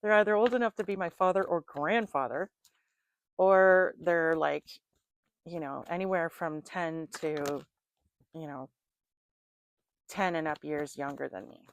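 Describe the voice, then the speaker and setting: A middle-aged woman giving a casual tarot reading, rambling into animated personal stories and laughing often. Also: deep voice, a little slow, long pauses, slight background noise. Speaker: tarot reader.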